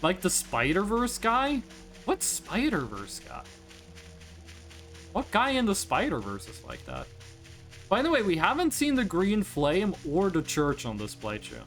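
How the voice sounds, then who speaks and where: Lively, chatty streamer from Norway. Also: medium pitch, a little slow, soft background music. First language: Norwegian. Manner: chatty, jokey, reacting loudly with laughs. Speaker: streamer playing a game. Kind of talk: casual live-stream chat.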